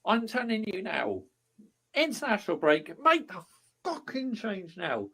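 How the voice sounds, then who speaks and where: Furious high-pitched football rant. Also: male voice, huge pitch swings, a little slow, breathy edge. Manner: furious, shouting, heavy swearing. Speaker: football fan vlogger. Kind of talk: angry fan rant to camera.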